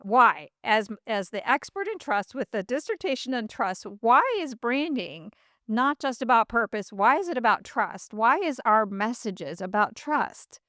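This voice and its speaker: A woman's voice: a little high, sing-song, a little slow, fairly bright tone, dry recording, studio quality. A middle-aged woman hosting a podcast, telling a story casually and animatedly, with many fillers and acted-out quotes. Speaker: podcast host.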